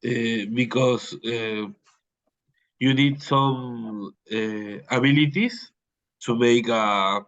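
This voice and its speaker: Slow, halting Peruvian man on a dull line. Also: medium pitch, fairly bright tone. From Peru. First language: Spanish. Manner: halting, searches for words. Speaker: English student. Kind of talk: interview practice answers.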